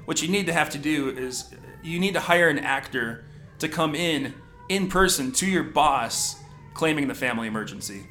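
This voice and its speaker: A man's voice: on the high side, expressive, normal speed, pushed and bright, faint music behind. Jokey, riffing man co-host. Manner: jokey, riffs on bits. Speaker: podcast co-host. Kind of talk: casual comedic chat.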